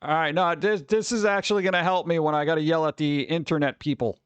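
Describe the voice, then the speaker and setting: Stream host, male, a bit high-pitched, dry close mic, rambly and quick to grumble. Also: steady tone, clear, resonant tone, no echo. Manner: rambling, exclaims and grumbles at tech trouble. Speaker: livestream host. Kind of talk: casual live-stream chat.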